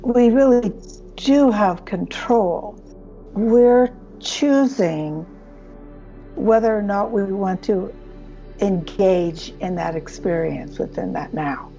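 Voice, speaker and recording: Woman, gravelly voice, mellow tone, slow and expressive, spiritual chat, dull lo-fi sound, faint music behind. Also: mid-range voice. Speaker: spiritual channeler and host. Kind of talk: casual spiritual conversation.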